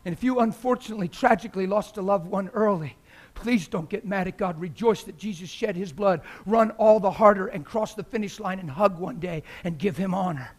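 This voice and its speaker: A man preaching a sermon in an impassioned, exhorting manner that climbs into shouting. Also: high-pitched, fairly quick.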